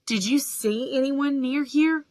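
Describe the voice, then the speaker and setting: A woman reading the part of a level-headed teenage schoolboy who asks quick questions. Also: high voice, darkish tone, no echo, pitched above the performer's own voice. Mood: curious.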